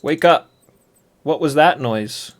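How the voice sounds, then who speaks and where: A man's voice: a little high, takes it slowly. Wry joking male game streamer. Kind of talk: casual gameplay commentary.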